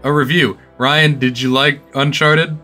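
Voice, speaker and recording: A man's voice: fairly high pitch, steady tone, a little slow, sharp tone, soft background music. A man co-hosting a podcast in casual chat, talking in a dry, hesitant, wry way. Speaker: podcast co-host.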